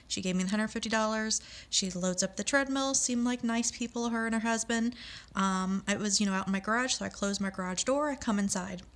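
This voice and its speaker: A woman's voice: mid-range voice, brisk. A middle-aged woman telling a personal story with feeling, acting out the voices of the people she quotes.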